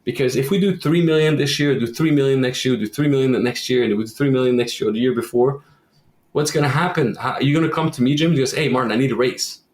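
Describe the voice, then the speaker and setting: A man's voice: medium pitch, fast talker, reverberant. A man from Quebec, a roofing company owner, talking in a casual podcast interview and acting out quoted voices as he tells stories. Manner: animated storyteller who acts out quoted voices.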